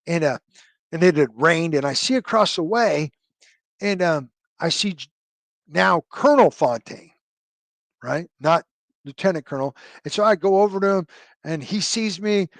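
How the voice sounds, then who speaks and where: A man's voice: a little high, dry recording. A man in his fifties, a retired army officer, telling a long military story as an interview guest with many fillers and self-corrections. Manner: rambling, many fillers and restarts, loose military jargon.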